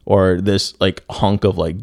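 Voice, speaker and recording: A man's voice: sits low, flat delivery, unhurried, darkish tone, no room sound, studio quality. A young man hosting a casual true-crime podcast, joking and swearing as he tells the story. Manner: joking, profane, playful, breaks into silly singing. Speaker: podcast host.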